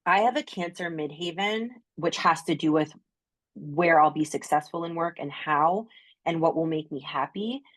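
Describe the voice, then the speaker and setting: Speaking at a moderate pace in a deep voice with no room sound, this Canadian-accented woman is a guest astrologer on a podcast. She talks enthusiastically and casually, frequently using "like."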